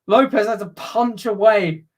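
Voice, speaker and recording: Excitable man commentating football live. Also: high voice, unhurried. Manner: excitable, bursts into loud commentary on goals. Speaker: watch-along host.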